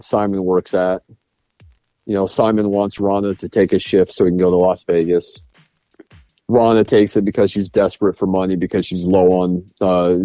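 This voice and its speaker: A man with a lowish, mellow voice chats casually on a podcast, retelling film scenes in a rambling way full of "uh" and "like". The sound is dry and close, with faint music underneath. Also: no echo. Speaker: podcast co-host. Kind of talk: casual film review chat.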